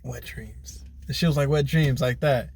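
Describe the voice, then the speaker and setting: A young man co-hosting a casual podcast over drinks, animated and acting out quotes with laughter. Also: medium pitch, moderate pace, husky. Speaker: podcast co-host.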